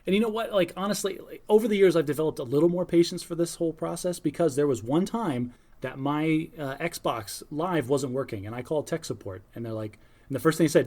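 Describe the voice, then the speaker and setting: A man's voice: on the high side, fairly quick. A middle-aged man on a casual podcast, telling stories with lots of energy and acting out both sides of his phone calls. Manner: animated storyteller, acts out phone calls. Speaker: podcast co-host. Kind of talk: casual chat.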